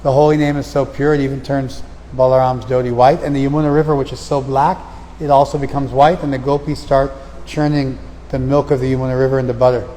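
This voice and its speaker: A man giving a spiritual lecture. He recites verses slowly and then explains them in plain, conversational talk. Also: medium pitch, level tone, warm tone, in a large hall, slight background noise, low-quality recording. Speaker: lecturer on scripture. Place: outdoor festival.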